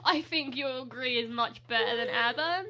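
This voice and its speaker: A woman's voice: a little high, moderate pace, pushed and bright. A British woman co-hosting a podcast, playful and teasing in casual chat. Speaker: podcast co-host.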